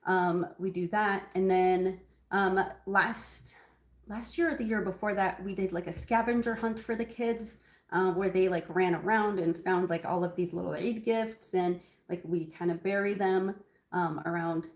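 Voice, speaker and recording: In a relaxed live cooking chat, a woman talks to her viewers from her home kitchen, wandering between topics and saying um often. She has a medium-pitched voice, and the room echoes.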